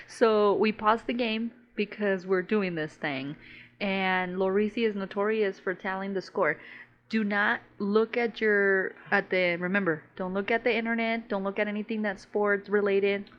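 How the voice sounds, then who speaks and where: A woman's voice: medium pitch, steady tone, unhurried, muffled recording. A woman co-hosting a podcast in casual chat, blunt and sweary, often saying bro. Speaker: podcast co-host.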